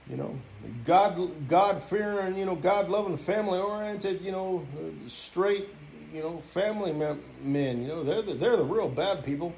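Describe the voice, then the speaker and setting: A man ranting in a casual vlog, rambling and profane, filling every gap with "you know" and now and then breaking into loud shouting. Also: a little high, expressive, moderate pace, hardly any pauses, a little hiss or hum. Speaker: YouTuber.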